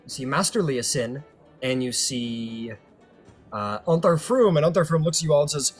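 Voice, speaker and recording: A man's voice: a little high, animated, moderate pace, faint music behind. A man running a tabletop game as game master, narrating casually with a lot of ums and rambling.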